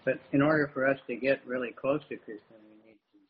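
A man giving a religious talk in short phrases, pausing for an interpreter, often saying "you know". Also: mid-range voice, fairly even intonation. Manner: conversational, halting, fills gaps with "you know". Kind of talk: sermon with consecutive translation. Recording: dull lo-fi recording with faint noise.

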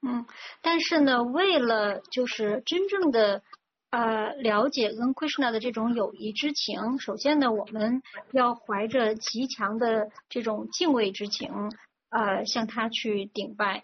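A woman interpreting a religious talk phrase by phrase, fluent but with frequent fillers. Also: a little high. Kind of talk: consecutive interpreting of a sermon. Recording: dull lo-fi recording with faint noise.

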